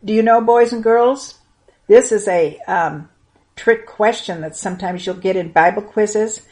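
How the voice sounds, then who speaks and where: A woman reading a Bible story aloud to children in an earnest, expressive way. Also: medium pitch, a little slow.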